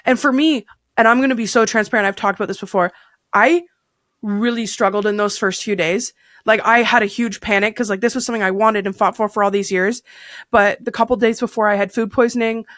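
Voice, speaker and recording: A woman's voice: medium pitch, steady tone, brisk, fairly bright tone, no echo, clean studio sound. A woman in her thirties chatting candidly as a podcast guest, rambling with fillers and restarts. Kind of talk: candid casual chat.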